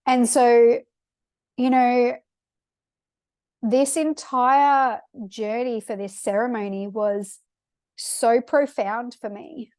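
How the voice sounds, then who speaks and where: A woman's voice: a little high, steady tone, slow, long pauses, a little mellow, clean tone, no room sound. A young woman hosting a podcast, telling a personal story casually with lots of "like" fillers and moments of emotion. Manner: chatty, frequent "like" fillers, emotional. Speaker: podcast host.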